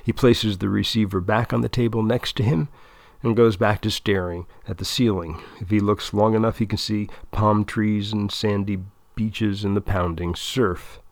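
A man's voice: lowish voice, steady tone, normal speed, no echo. A man narrating a story in a dramatic reading style, with a wry, ironic manner.

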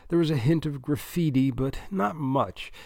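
A man's voice: on the high side, normal speed, gravelly, a little mellow, no room sound, studio quality. A man reading a comic novel aloud as narrator, wry and dryly humorous, with asides to the listener. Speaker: audiobook narrator.

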